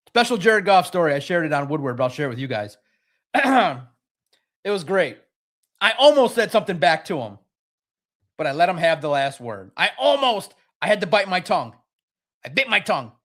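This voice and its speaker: Brief: man with a high voice, sports podcast host, lively and joking. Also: moderate pace, pauses often. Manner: animated, mocking impressions of others. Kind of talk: casual sports talk.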